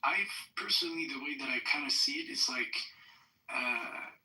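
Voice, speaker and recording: Guy fumbling for the right word, bright voice, echoey room. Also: mid-range voice, normal speed, far from the mic. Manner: searching for words, hesitant. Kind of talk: casual chat.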